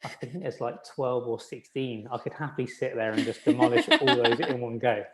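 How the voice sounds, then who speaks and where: A man in his thirties talking as a guest in a casual interview. He is relaxed and self-deprecating, often restarting his sentences as he thinks aloud. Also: medium pitch, moderate pace, a little hiss or hum. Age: 30s. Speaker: podiatrist guest.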